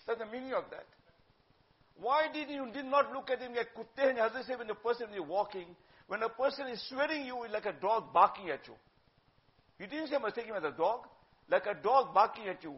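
A man giving a religious talk, emphatic, swinging between loud urging and hushed asides and slipping in Urdu phrases. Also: very high voice, fairly quick. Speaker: religious teacher. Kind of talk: sermon-style religious talk. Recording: dull lo-fi recording.

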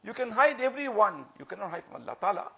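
A man preaching a sermon, impassioned, repeating phrases for emphasis and swinging from loud to hushed. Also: high voice, very animated, quick pace, vocal fry, husky. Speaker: religious preacher.

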